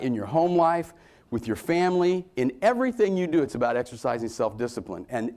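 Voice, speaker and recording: A man giving a motivational conference talk to a room, swinging between loud emphasis and low asides. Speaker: conference speaker.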